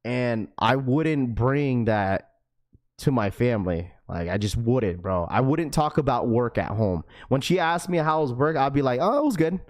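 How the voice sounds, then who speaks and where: A young man hosting a live stream, chatting casually with viewers in an energetic, slangy, talkative way. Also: mid-range voice, a little slow. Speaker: livestream host.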